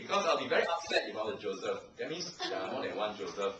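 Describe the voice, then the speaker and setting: A man's voice: fairly low pitch, expressive, fast talker, a bit bright. A man from Singapore with a Singaporean English accent, giving a playful, teasing language evaluation at a club meeting, laughing often. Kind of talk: humorous speech to a club meeting. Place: meeting room, live audience. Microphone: far handheld camcorder. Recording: echoey room, heard from far off, noisy.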